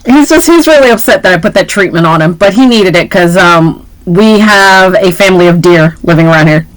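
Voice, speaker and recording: A woman's voice: lowish voice, brisk, poor audio. Chatty woman co-host. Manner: chatty, rambling, laughs often. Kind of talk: casual chat.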